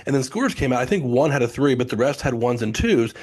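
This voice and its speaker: A middle-aged man, a test prep company founder, telling long stories with quick asides and restarts in a casual podcast interview. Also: medium pitch, expressive, a little mellow. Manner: chatty storyteller, many restarts and asides.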